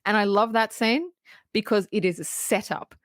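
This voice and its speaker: A woman's voice: medium pitch, moderate pace, dry recording. Woman podcast cohost gushing over a film, dry close sound. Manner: animated retelling with quoted lines. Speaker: podcast co-host. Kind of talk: casual movie review chat.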